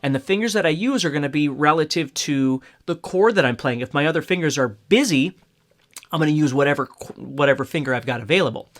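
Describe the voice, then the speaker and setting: A guitar teacher gives a casual, step-by-step lesson, talking fast in a slightly high, animated voice and often checking in with "okay?". Acoustic guitar plays in the background.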